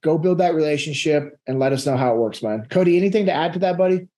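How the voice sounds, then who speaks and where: A man with a slightly higher voice answers leadership questions in a loose, casual way. He speaks directly, laughs easily and gets animated. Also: quick pace. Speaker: leadership instructor. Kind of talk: casual Q&A talk.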